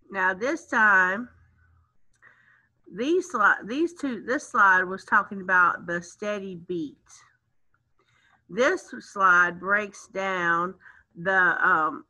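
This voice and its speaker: A woman teaching a children's music lesson, chanting rhythm syllables in a slow sing-song way. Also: mid-range voice, animated, sharp tone, muffled recording.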